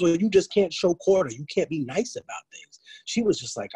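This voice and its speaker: A man's voice: sits high, very animated, brisk, dark tone, slightly rough, no echo, low-quality recording. A man, giving a blunt, streetwise lecture to students, with frequent profanity and restarts. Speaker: guest lecturer.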